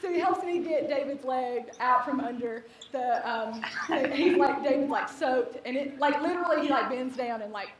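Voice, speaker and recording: A young woman telling a funny personal story to a live audience, animated and laughing as she acts out the people in it. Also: high voice, moderate pace, hardly any pauses, background noise. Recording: echoey hall, distant mic, audience.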